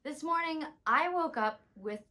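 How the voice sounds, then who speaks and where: A woman voice teacher with a tired, hoarse voice and a slight rumble, calmly explaining and demonstrating a vocal warm-up. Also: a little slow. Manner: calm, instructive, demonstrating exercises.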